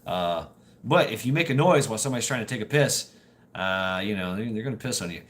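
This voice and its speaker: Fairly low-pitched yet a bit bright, this streamer talks quickly with lively intonation as he rambles through stories for his chat. He laughs and swears as he goes, keeping it casual.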